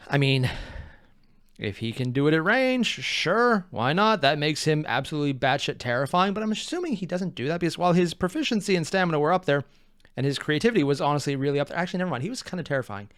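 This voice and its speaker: A man's voice: a little high, lively intonation, a little fast, fairly bright tone, clean tone, no room sound, clean studio sound. A man hosting a reaction video, rambling in a casual, self-deprecating way.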